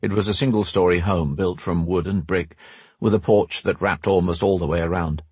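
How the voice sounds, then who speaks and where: A man narrating a fantasy audiobook in a steady, expressive storytelling manner. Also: low voice, normal speed, slightly rough, dry recording.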